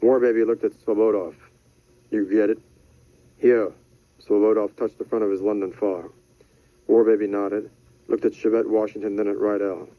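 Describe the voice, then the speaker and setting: A man narrating a thriller audiobook in a measured, deadpan manner. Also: lowish voice, no echo. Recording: dry, slightly dull studio audio.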